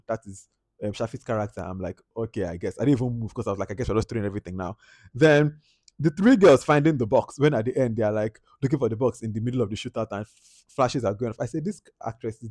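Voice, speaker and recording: A man giving a casual film review, animated and exasperated as he acts out his own reactions. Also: mid-range voice, dry recording, studio quality. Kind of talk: casual movie review monologue.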